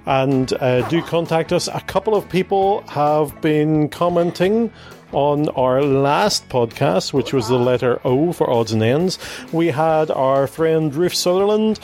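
A man's voice: fairly high pitch, lively intonation, measured pace, darkish tone, faint music behind. A middle-aged man hosting a casual family podcast, chatting and teasing his daughters in a playful, chatty way. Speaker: podcast host and father.

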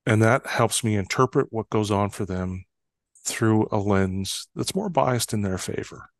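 A man, a guest on a podcast, speaking in a calm, measured way about building trust. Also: fairly low pitch, dry recording. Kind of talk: reflective conversation.

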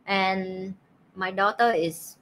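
A woman's voice: mid-range voice, steady tone, slow, fairly bright tone. A woman in her thirties, a mother co-hosting a podcast in casual chat, speaking simple non-native English and acting out her stories with animation. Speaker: podcast co-host.

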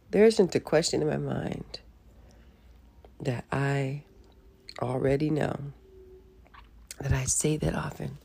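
Groggy, gravelly-voiced woman podcast host. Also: low-pitched, dark tone. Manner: rambling, laughs often. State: groggy morning voice. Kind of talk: casual monologue.

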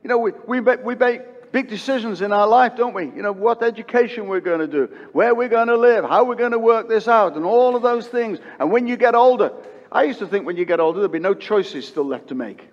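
A pastor in his fifties preaching a sermon, swinging from loud emphatic peaks to hushed quiet and repeating phrases for emphasis. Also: high-pitched, expressive, brisk, long reverb tail, dull audio. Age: 50s. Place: church.

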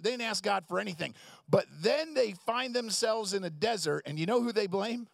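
High, gravelly-voiced pastor preaching casually. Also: male voice, lively intonation, moderate pace, no room sound, studio quality. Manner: conversational, jokey storytelling with acted-out quotes. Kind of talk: sermon.

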